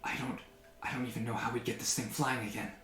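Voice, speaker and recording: A woman's voice: rumbling low, steady tone, quick pace, fairly bright tone, a little hiss or hum. A game master voicing an anxious young woman looking after a ship; she stammers and apologizes. The room is echoey. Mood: worried. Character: anxious young woman ship's caretaker, flustered.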